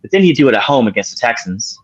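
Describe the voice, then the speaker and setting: A man's voice: mid-range voice, big pitch swings, fast talker, no echo, highs cut off. A man who is a guest on a casual sports talk show, talking away from the mic and rambling with fillers and self-corrections.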